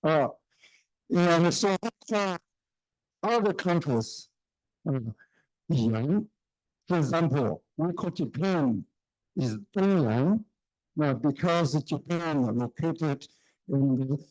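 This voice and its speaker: A man's voice: fairly high pitch, animated, slow, long pauses, darkish tone, no echo, low-quality recording. A male professor from China lecturing in English, hesitant with many fillers, often checking in with the audience. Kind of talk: university lecture. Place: lecture room.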